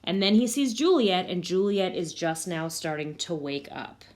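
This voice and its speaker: A woman's voice: fairly low pitch, expressive, moderate pace. A woman, probably a teacher, casually retelling a play scene and paraphrasing its lines in everyday words.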